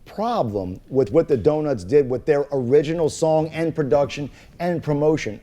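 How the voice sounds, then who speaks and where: A man's voice: a little high, lively intonation, normal speed, mellow. A man hosting a podcast in casual banter, arguing his point insistently and repeating himself. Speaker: podcast host.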